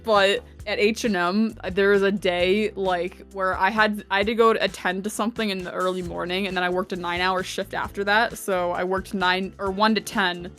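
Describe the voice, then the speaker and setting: A woman's voice: medium pitch, fairly even intonation, moderate pace, few pauses, fairly bright tone, faint music behind. A young woman on a podcast, telling a long, rambling work story full of fillers and laughter. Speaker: podcast co-host. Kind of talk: casual storytelling chat.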